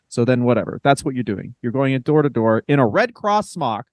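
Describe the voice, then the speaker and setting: A man's voice: mid-range voice, big pitch swings, a little fast, few pauses, darkish tone, no echo, studio quality. A man co-hosting a podcast, telling a story in casual chat, swearing often and acting out the people in it. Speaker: podcast co-host.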